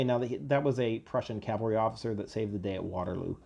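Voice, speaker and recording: A man's voice: fairly low pitch, fast, vocal fry, darkish tone, slightly rough, dull audio. A man teaching a casual homeschool history lecture, explaining in a conversational way with asides.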